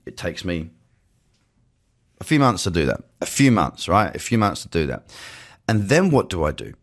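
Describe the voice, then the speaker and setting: Lively deep-voiced Australian man. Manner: chatty and animated, playful asides. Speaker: podcast host. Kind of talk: casual market commentary. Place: home office. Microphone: webcam setup.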